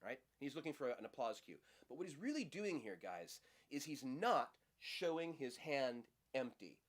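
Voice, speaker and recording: Lively middle-aged man teaching magic. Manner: lively, playful, acts out audience lines in high voices. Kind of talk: casual demonstration lesson.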